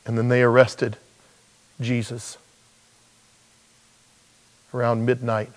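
A man's voice: mid-range voice, little pitch movement, takes it slowly, big-room sound. A man preaching a sermon in a humorous, conversational storytelling way, acting out quoted dialogue.

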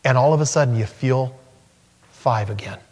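A male pastor delivers an earnest sermon with a mid-pitched voice that jumps up when he acts out scripture. His voice carries a long reverb through the church hall. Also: moderate pace. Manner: earnest, animated preaching that rises sharply when acting out scripture.

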